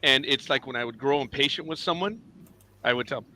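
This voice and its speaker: A man's voice: medium pitch, fast. A man co-hosting a casual podcast chat, telling workplace stories with lots of laughter and acted-out quotes. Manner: animated, laughs often, acts out quoted lines. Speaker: podcast co-host.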